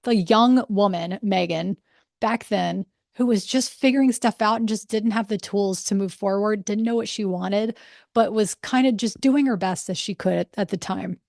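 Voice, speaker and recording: A woman's voice: medium pitch, moderate pace, creaky, darkish tone, dry recording, studio quality. Earnest encouraging woman podcast host. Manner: casual with fillers. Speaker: podcast host and breath work coach. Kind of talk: motivational podcast monologue.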